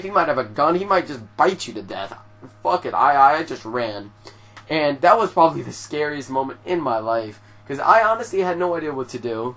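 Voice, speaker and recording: A young man telling a story to his viewers in a casual, animated way, swearing often and filling his talk with "like". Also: on the high side. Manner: profane, animated storytelling with frequent fillers. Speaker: vlogger.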